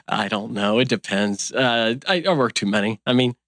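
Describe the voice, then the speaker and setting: A man's voice: mid-range voice, a little slow, a bit bright, no room sound, studio quality. A man in his fifties who owns a donut shop, talking in a casual interview in an earnest, folksy, rambling way. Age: 50s.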